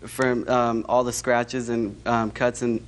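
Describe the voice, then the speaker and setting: A man's voice: mid-range voice, level tone, slow, a little hiss or hum. A man plaintiff giving testimony in a television courtroom, stating his case plainly.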